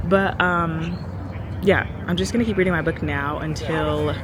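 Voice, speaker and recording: A young woman vlogging casually outdoors, chatting to viewers in a lively storytelling way, calling them y'all and girl. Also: sits low, unhurried, crowd noise. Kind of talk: casual vlog chat to camera. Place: outdoors on loud city streets and in a park. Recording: noisy street recording with traffic.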